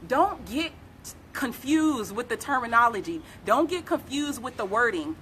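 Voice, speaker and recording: Speaking at a normal speed, a US woman lawyer delivers emphatic live legal advice and keeps repeating key phrases to drive points home. Her voice is fairly high, expressive, bright and forceful, with a little background noise.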